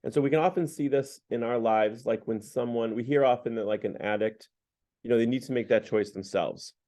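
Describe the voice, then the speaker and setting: A man's voice: medium pitch, brisk, dark tone. A man leading a parish Lent discussion in a loose, conversational way, often saying "like" and restarting his sentences as he retells a story and draws lessons of faith from it. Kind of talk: casual spoken book discussion.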